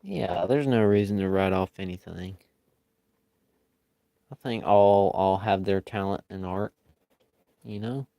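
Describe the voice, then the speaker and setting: A man's voice: low-pitched, measured pace, creaky, pauses often, dark tone, clear, resonant tone, no room sound. A man chatting casually with his viewers as he draws live, in an easygoing, rambling way. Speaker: live-stream artist. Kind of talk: casual chat while drawing.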